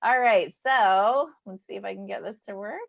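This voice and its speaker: A woman's voice: mid-range voice, moderate pace, vocal fry. A woman hosting a casual livestream chat, upbeat, repeating words and laughing often. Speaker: host.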